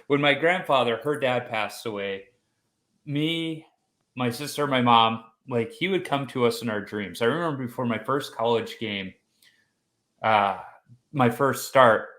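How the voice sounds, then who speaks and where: A man hosting a podcast, telling a personal story in a lively conversational way and acting out the voices he quotes. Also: mid-range voice, measured pace, pauses often. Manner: animated storyteller who acts out quoted voices. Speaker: podcast host.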